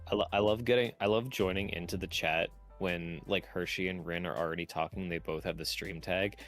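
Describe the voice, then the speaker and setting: Low-voiced man casually commentating a game. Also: fairly even intonation, a little fast, fairly bright tone, soft background music. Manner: rambling, self-deprecating, laughs often. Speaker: tournament commentator.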